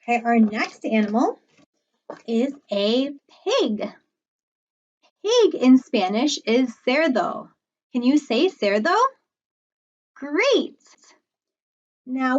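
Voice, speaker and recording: A librarian teaches small children animal words, speaking slowly and encouragingly with cheerful praise. Her voice is high, and the recording is lo-fi.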